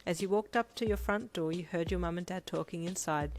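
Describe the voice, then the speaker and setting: A woman's voice: fairly low pitch, fairly quick, hardly any pauses. A woman narrating a fan story aloud in second person, reading steadily. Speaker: fanfiction reader.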